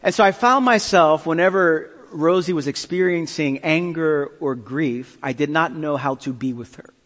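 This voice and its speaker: A male pastor giving a sermon, telling a story with lively, acted-out dialogue. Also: on the high side, normal speed. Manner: animated storytelling, acting out dialogue. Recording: long hall reverb.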